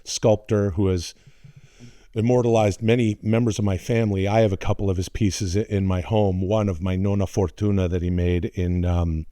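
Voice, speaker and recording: A man's voice: deep voice, level tone, normal speed, warm tone, no room sound, studio quality. A man in his forties telling a rambling, profane story on a casual podcast, slipping into voices of his relatives. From North America. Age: 40s. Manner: rambling, swearing, restarts, put-on voices for relatives. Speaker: podcast co-host.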